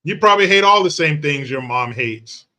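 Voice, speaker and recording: A man from the United States talks on a live stream, mocking and cursing at viewers in chat. His voice sits a bit above the usual male range and comes out bright and forceful. The delivery stays brash and combative throughout. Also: on the high side, animated, normal speed. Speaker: livestream host.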